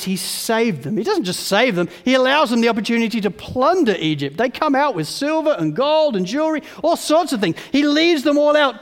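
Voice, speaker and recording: A man preaching a sermon, animated, who acts out the grumbling voices of the people in his story. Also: extremely high pitch, in a large hall. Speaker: pastor.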